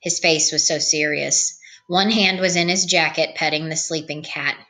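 A woman reading a novel aloud as an audiobook narrator, in a calm, even read-aloud manner. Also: low voice, moderate pace. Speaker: audiobook reader. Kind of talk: storybook narration.

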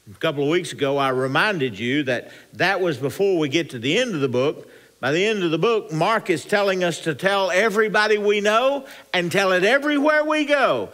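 A man preaching a sermon as pastor, with animated, rising and falling emphasis and frequent restarts. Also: high-pitched.

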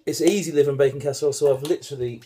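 A British home cook with a fairly high, warm, slightly rough voice speaks very fast while demonstrating a casual recipe in his kitchen. He hosts his channel in a chatty way, joking at his own expense.

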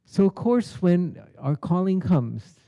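A middle-aged man speaks at a conference keynote with a sharp, strained brightness to his tone and a slightly high pitch. He teaches in a storytelling way and briefly acts out the voices in his parable. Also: big pitch swings, takes it slowly. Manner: storytelling, acts out the characters' lines. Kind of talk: spiritual teaching talk. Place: conference hall.

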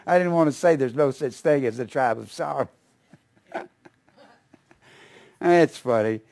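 Older male Bible teacher, conversational and rambling, mid-pitched, casual asides. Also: unhurried, creaky, darkish tone. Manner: folksy, rambling, with asides and chuckles.

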